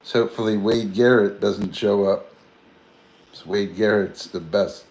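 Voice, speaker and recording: A man's voice: on the low side, fairly even intonation, measured pace, vocal fry, a little mellow, slight background noise. A tired man hosting a livestream, chatting casually and drifting between topics, with slang and free swearing. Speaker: livestream host. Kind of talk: casual rambling chat.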